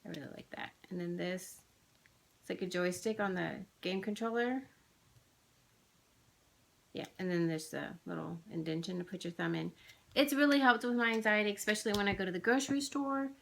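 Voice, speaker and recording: A woman's voice: mid-range voice, fairly quick, creaky, a bit bright, slight background noise. A woman, rambling chattily with lots of fillers as she vlogs about her craft haul. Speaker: flosstube vlogger. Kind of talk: casual chatty haul video.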